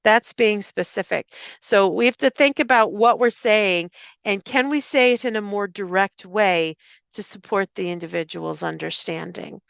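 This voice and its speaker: Irish lady therapist talking to parents, smooth clear voice, dry close sound, lots of ums. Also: medium pitch, normal speed, no echo. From Ireland. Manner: clear, explanatory, with frequent fillers and restarts; acts out example phrases in a lifted voice. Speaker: speech and language therapist. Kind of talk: live talk to parents and educators.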